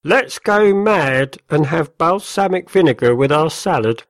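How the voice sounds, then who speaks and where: A man's voice: on the high side, measured pace, no echo, clean studio sound, pitched above the performer's own voice. A man playing a gleefully boring dad. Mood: cheerful. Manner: mock-excited, gleeful over tiny things. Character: cheerfully dull, bookish grown-up dad.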